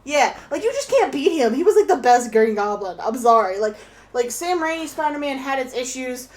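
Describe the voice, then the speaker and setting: A young woman chatting casually at home as a stream guest, excitable and swearing freely, sometimes bursting into loud laughing shouts. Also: high-pitched, normal speed. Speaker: guest co-host on an art stream. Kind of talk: casual chat.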